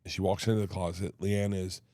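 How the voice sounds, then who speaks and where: A middle-aged man, a comedian and guest, telling animated family stories in a casual interview and acting out voices as he goes. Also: low-pitched, fairly quick, no room sound, studio quality. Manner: animated storyteller, acts out family members' voices. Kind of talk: storytelling interview chat.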